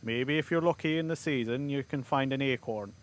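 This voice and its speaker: A man's voice: medium pitch, brisk, natural voice. A man voicing a harsh, miserly peasant father who blusters at his son and mocks him. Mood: mocking. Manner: blustering and mocking.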